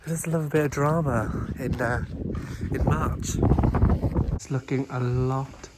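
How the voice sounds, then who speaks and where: A young man vlogging outdoors at a flooded holiday park with a phone camera, talking in an excitable, dramatic way. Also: mid-range voice, measured pace. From Wales. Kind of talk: casual vlog. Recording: loud wind noise on phone mic. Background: loud wind and water noise.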